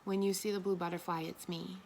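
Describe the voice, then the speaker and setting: A woman's voice: fairly low pitch, flat delivery, a little fast, a little mellow, a little hiss or hum. Emphatic woman giving a spiritual reading. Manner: emphatic, blunt, swears for emphasis. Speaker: tarot reader. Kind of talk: spiritual reading to a live audience.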